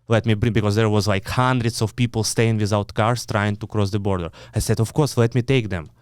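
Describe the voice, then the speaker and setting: A man with a Ukrainian accent, speaking English as a second language, his voice low and smooth. He tells his story bluntly, cursing freely and restarting his sentences often. The sound is close and dry, with no room around it. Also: fairly even intonation, fairly quick, dry recording. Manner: blunt, swears often, acts out quoted dialogue; broken English, frequent restarts. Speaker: guest. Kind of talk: storytelling in an interview.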